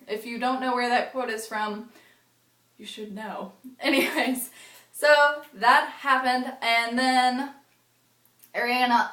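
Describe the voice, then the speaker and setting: A woman's voice: fairly high pitch, sharp tone. A young adult woman telling a rambling casual story as a vlogger, full of "like" fillers and swearing. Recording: echoey room.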